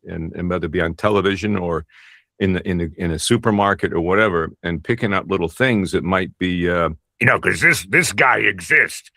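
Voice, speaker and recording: Low, bright-toned voice actor guest. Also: male voice, no room sound, studio quality. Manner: rambling, self-deprecating, many restarts. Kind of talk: casual interview.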